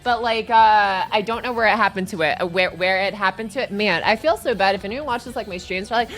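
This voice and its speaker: Excitable rambling streamer woman, bright tone. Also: mid-range voice, a little fast, soft background music. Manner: rambling, excitable, laughs often. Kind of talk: casual live-stream chat.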